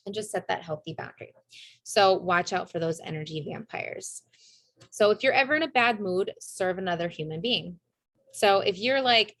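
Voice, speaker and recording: A young woman talks through a casual motivational team call in an upbeat, chatty way. She often slips into little acted-out lines of dialogue, at a middle pitch for a woman. The sound is dry and close, with no room around it. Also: expressive, moderate pace, no room sound. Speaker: network marketing team leader.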